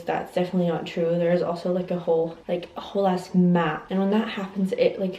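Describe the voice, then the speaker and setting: A woman in her twenties rambles casually in a reading vlog from her messy bedroom, full of fillers. Her voice is on the low side and mellow, captured on a phone camera with a roomy sound and low-quality recording.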